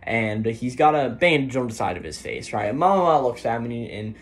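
A man's voice: mid-range voice, lively intonation, brisk. A man giving a casual, rambling recap of a manga chapter, with many fillers, often tagging his sentences with "right?". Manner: rambling, filler-heavy, tags lines with "right?". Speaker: manga reviewer.

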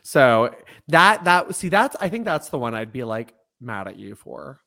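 Brief: giggly male co-host, lively swooping pitch, chatty recaps. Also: measured pace. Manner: animated recapping, lots of laughter and "like". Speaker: podcast co-host. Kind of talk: casual chat.

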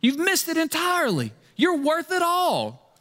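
A man's voice: a little high, fast talker. A man voicing a loving, generous father who welcomes his son home, his speech emphatic and pleading. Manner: emphatic, pleading, raised and excited. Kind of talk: sermon retelling a parable.

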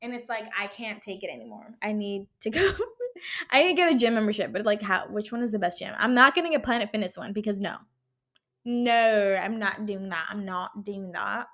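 A woman's voice: medium pitch, animated, a little fast, fairly bright tone. Young woman ranting with slang and swearing. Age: 20s. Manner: swears a lot, heavy slang and filler "like"; blunt, rant-like and joking. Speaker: podcast host. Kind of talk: casual storytelling monologue.

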